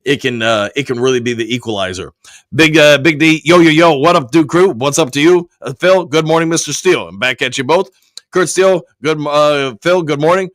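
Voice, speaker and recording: A man hosting a live sports talk stream. He is hoarse from a cold and reads viewer comments aloud, answering each one in a casual way. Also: on the high side, a little fast, a bit bright, dry recording, clean studio sound. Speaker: sports show host reading chat.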